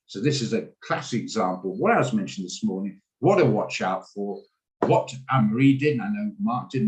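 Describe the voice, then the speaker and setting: A man who works as a trading coach runs a live online trading class over a video call, chatting, rambling, and often laughing as he explains. English is his first language, and his voice is on the low side. The recording is rough.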